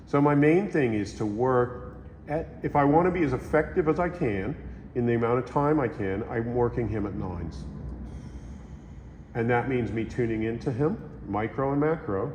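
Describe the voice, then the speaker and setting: A man's voice: mid-range voice, moderate pace, lo-fi sound, a little hiss or hum. Man teaching massage in an echoey room. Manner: relaxed, conversational, checks in with "okay?" and "right?". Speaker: massage instructor. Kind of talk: teaching a hands-on class. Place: training room during a course. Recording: roomy echo with long reverb.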